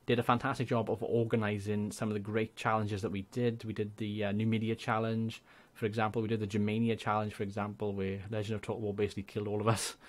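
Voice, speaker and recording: A young man with a Welsh accent, a gaming YouTuber chatting casually and rambling through channel shout-outs. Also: on the low side, level tone, quick pace, hardly any pauses. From Wales. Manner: chatty, rambling, laughs often.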